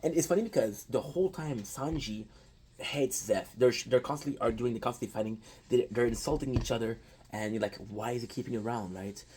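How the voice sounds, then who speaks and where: A man's voice: mid-range voice, fairly quick, darkish tone, a little hiss or hum, poor audio. A man casually retelling an anime story, with lots of restarts and offhand swearing. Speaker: anime commentator.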